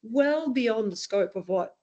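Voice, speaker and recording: A woman's voice: fairly high pitch, lively intonation, slow pace, darkish tone, muffled recording. Woman telling a candid story. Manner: candid, emotional, frequent restarts. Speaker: guest, parent. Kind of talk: personal storytelling interview.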